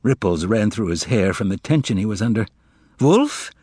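A man narrating an audiobook with an expressive reading. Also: fairly low pitch, fairly quick, husky, dry recording, clean studio sound.

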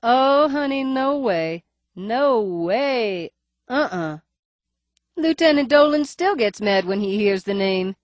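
A woman's voice: fairly high pitch, expressive, slow, no echo, pitched above the performer's own voice. A woman voicing a blunt, teasing middle-aged female police records clerk with a nasal voice and a faint lisp, in an audiobook. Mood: emphatic gossipy. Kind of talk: audiobook character voice.

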